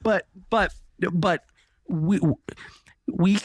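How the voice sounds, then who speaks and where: A man's voice: high voice, extremely slow, dry recording. A man, a podcast guest, chatting casually and acting out a story with voices and sound effects, often checking in with "right?". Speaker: podcast guest, author and speaker. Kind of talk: casual chat.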